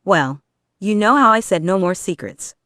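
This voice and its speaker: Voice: mid-range voice, lively intonation, normal speed, bright, forceful tone, dry recording, studio quality, voice pushed up. A reader voicing a big teenage male turtle who talks sternly but not unkindly. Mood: earnest.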